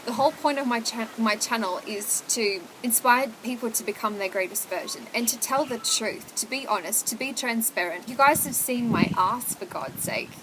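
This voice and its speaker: A woman's voice: a little high, noisy background. A young woman, talking candidly to camera at home in a chatty, confessional way, full of "like" and "oh my God". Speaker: vlogger. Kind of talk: candid casual chat to camera.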